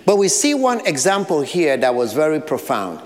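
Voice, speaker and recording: A man's voice: fairly high pitch, sing-song, moderate pace, long reverb tail. A man with an African accent, preaching a sermon as pastor, earnest, with short repeated phrases and light asides. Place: church sanctuary.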